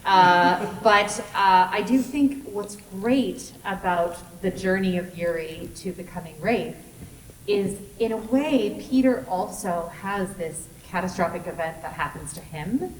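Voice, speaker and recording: A woman, a game voice actor on a convention panel, answering in a measured, articulate way. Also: medium pitch. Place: convention hall. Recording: echoey, distant, faint background hum.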